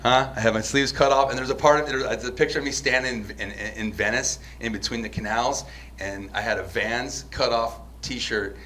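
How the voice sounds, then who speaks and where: A man's voice: medium pitch, fairly even intonation, moderate pace, sharp tone, a little hiss or hum. An American man in his forties on a podcast, telling a casual, profane story full of restarts. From United States. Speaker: podcast host.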